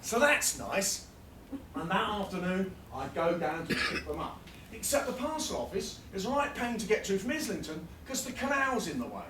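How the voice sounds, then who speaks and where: A man performing comic spoken-word poetry live at a festival, rhythmic and building into rapid-fire lists. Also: high-pitched, very animated, background noise. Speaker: performance poet. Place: fringe festival venue, live audience. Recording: roomy sound from a distant mic.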